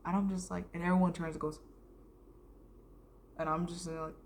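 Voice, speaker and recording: Creaky low-voiced young woman rambling. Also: little pitch movement, moderate pace, a little hiss or hum. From United States. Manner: rambling, filler-heavy, slips into whispers. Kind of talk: casual storytime vlog.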